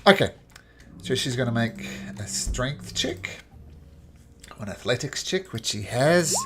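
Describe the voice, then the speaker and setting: A man narrating as game master of a tabletop game, with lively, chuckling narration. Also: mid-range voice, a little slow, over music.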